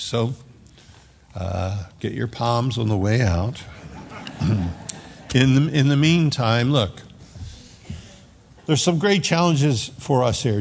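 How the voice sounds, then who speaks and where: Male pastor giving a sermon, emphatic, rising loud then dropping hushed, voice gravelly, in a church hall with long reverb. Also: medium pitch. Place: church sanctuary.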